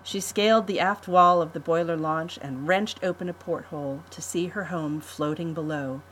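A woman reading a storybook aloud in an even, measured manner. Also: low-pitched, slight background noise, low-quality recording. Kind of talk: storybook narration.

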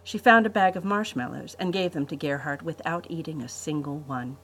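A woman narrates a family adventure story in a measured, storybook way. Her voice is husky and a little low. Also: fairly bright tone, rough recording. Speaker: podcast host and storyteller.

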